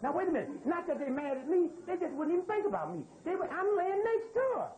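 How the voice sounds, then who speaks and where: An older man from the United States holds forth before a live audience in a teasing, streetwise manner. His voice sits high and swoops widely between phrases. The tone underneath stays mellow rather than bright. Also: very animated, quick pace, poor audio. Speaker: speaker addressing a live audience. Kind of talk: humorous lecture to a crowd.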